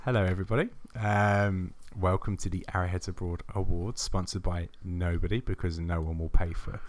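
A man hosting a podcast in casual chat, brisk and matter-of-fact with self-deprecating jokes. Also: sits low, steady tone, heavy background noise. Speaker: podcast host.

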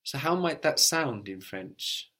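A man's voice: medium pitch, expressive, slow pace, sharp tone. A man teaching a spoken language lesson, patiently explaining sounds and prompting his learner with questions.

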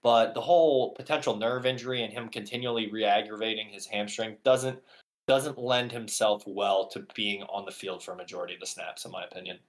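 Thoughtful podcast co-host, easygoing. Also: male voice, on the low side, fairly even intonation, brisk. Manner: thoughtful, explains his opinions. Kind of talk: casual chat.

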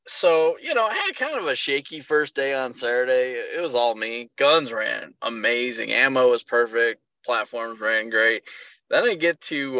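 Animated man telling a story. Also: mid-range voice, dry recording, highs cut off. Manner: animated storyteller, acts out quotes. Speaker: podcast co-host. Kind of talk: casual chat.

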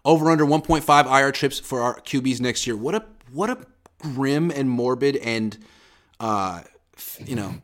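A man co-hosting a podcast in casual sports chat, emphatic and animated, often restarting his sentences. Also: mid-range voice, moderate pace. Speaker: podcast co-host.

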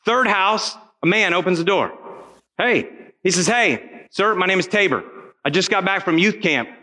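Bright, lively middle-aged male preacher. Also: high voice, normal speed. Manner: animated storyteller, acting out quoted voices. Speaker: camp speaker. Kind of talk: sermon to students with storytelling.

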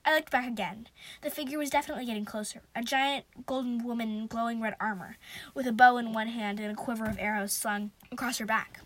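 A woman's voice: on the high side, steady tone, quick pace. A woman reading passages of a novel aloud, with chatty asides between them. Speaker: reader.

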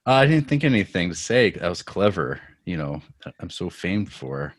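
A low-pitched Australian man on a movie podcast, recorded close and dry. He rambles a little and pokes fun at himself. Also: animated, brisk, husky, dry recording. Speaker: podcast co-host. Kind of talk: casual chat.

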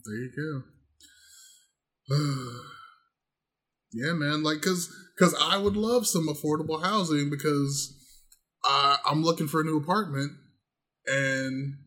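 A man's voice: a little high, measured pace, pauses often, bright, forceful tone. A young man from Georgia in the US, co-hosting a casual chat in a laid-back, profane way and laughing often.

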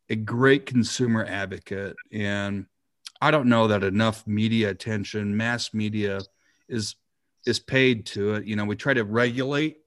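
A man's voice: lowish voice, no room sound, clean studio sound. A man hosting a podcast, asking long, rambling questions full of restarts. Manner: rambling, restarts his sentences. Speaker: podcast host. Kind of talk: casual interview questions.

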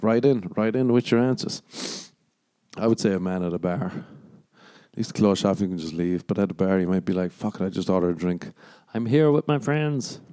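A man's voice: low voice, steady tone, normal speed, mellow. Crude Irish man rambling on a podcast. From Ireland. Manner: crude, sarcastic, jumps into mock voices. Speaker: podcast host. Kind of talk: rambling solo podcast chat.

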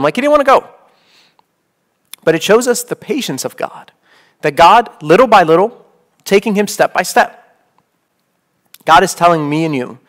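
A man's voice: sits high, fairly bright tone. A man in his thirties, a priest, giving a conversational sermon full of "like" and "okay?". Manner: casual, peppered with "like" and "okay?".

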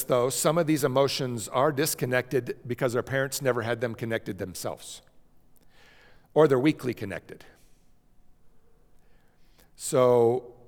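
A man speaks in a gentle teaching voice, pausing now and then to check in with his listeners. His pitch sits in a middle range. The sound carries a long reverb, as if from a large hall. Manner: gentle, repeats "okay?" to check in; drops to a soft cooing voice when acting out a parent. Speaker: speaker teaching about emotions. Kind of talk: slide lecture on child emotional development.

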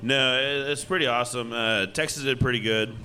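A man's voice: medium pitch, steady tone, fairly quick, sharp tone, a little hiss or hum. A man hosting a podcast, chatting casually and dropping short quips.

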